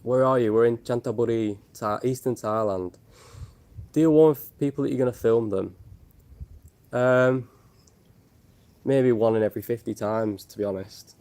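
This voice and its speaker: A man's voice: medium pitch, normal speed, pauses often, darkish tone. A man from Northern England, chatting casually on a travel livestream and reading out viewer questions with jokes. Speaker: travel vlogger. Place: outdoors in Thailand with birds and geckos around.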